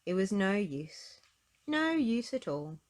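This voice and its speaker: A woman reading a children's storybook aloud in an expressive, gentle way. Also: medium pitch, slow. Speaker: storybook reader.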